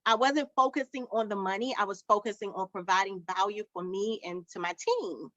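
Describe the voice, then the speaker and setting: A woman's voice: medium pitch, fairly quick, few pauses, no echo. A woman, a childcare business owner, telling her story as a summit guest and acting out the dialogue in it. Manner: lively storyteller who acts out quoted dialogue. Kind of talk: storytelling interview answers. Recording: dull lo-fi dry sound.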